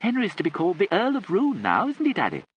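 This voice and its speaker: A man voicing a cheeky, excitable schoolgirl who talks with breathless eagerness. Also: high-pitched, fast, husky, dull audio, pitched above the performer's own voice, full character voice. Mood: eager. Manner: breathless, wide-eyed eagerness.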